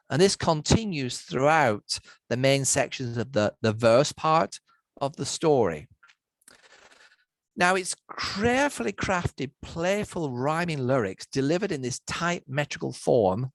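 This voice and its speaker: Lively-voiced male university lecturer. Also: mid-range voice, no room sound, poor audio. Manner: measured, spells out word lists one by one. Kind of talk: academic lecture. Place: online lecture.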